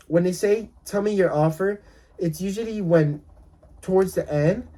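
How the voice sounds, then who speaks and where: A man coaching real estate wholesalers in a casual talk, acting out calls with sellers and often repeating himself. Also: mellow. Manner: role-plays calls with sellers, laughing at his own lowball offers; repetitive, restarts often.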